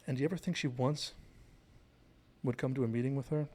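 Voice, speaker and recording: A man's voice: medium pitch, fairly even intonation, brisk, mellow. A man chatting through a TV episode scene by scene, recapping the plot and digressing along the way. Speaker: TV show analysis host. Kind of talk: casual scene-by-scene commentary.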